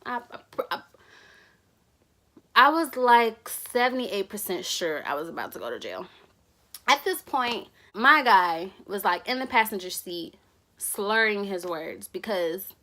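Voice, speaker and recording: A woman's voice: on the high side, sharp tone. A young woman tells a story on her vlog, laughing and acting out the dialogue. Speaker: vlogger.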